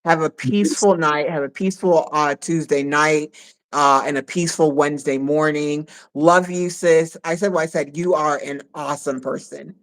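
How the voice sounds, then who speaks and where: A woman co-hosting a live stream in a casual chat, who speaks warmly and effusively and often repeats herself. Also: deep voice, fairly even intonation, moderate pace, low-quality recording.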